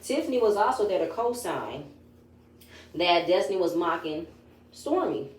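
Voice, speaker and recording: A woman's voice: fairly low pitch, expressive, normal speed, pauses often, a little hiss or hum. A woman giving a chatty, opinionated recap of a reality show, retelling scenes in her own words. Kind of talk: casual episode review. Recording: echoey room.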